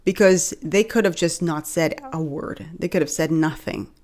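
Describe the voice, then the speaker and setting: A young woman from the Bahamas talks straight to her viewers in a loose, animated way, joking and calling them y'all. Her voice sits a little low for a woman. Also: normal speed. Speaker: video host. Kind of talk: casual talk to camera.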